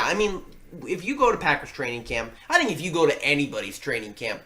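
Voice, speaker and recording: Animated guy chatting sports on a podcast, bright voice, pitch jumps around a lot. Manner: animated, laughs often while talking. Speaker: podcast co-host. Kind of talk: casual sports chat.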